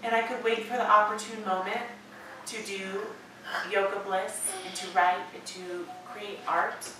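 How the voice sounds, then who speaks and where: A woman yoga instructor giving gentle, encouraging cues with drawn-out phrasing and playful, chatty asides. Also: medium pitch, steady tone, slight background noise. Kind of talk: guided yoga class talk. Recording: echoey room, distant mic, music behind.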